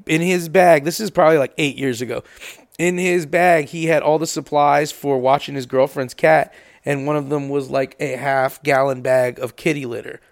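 High-pitched guy with a gravelly voice, co-hosting a podcast, acts out every line of his stories. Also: fairly even intonation, moderate pace. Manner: profane storyteller acting out quotes. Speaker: podcast co-host. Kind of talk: casual podcast banter.

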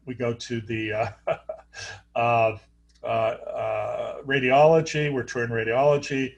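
A man's voice: mid-range voice, fairly even intonation, vocal fry. Man telling stories with many fillers. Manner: halting, many fillers and restarts. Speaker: guest, neurosurgeon. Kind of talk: storytelling interview talk.

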